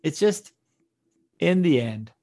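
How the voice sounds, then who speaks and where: A man's voice: on the high side, very animated, takes it slowly, dark tone. A young man co-hosting a podcast in casual political chat, blunt and swearing, laughing often. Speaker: podcast co-host.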